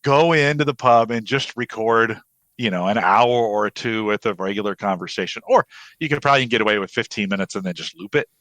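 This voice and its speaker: A man co-hosting a podcast who reads listener comments aloud and agrees warmly with his partner. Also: lowish voice, fairly quick, no room sound. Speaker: podcast co-host. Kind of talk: casual podcast chat.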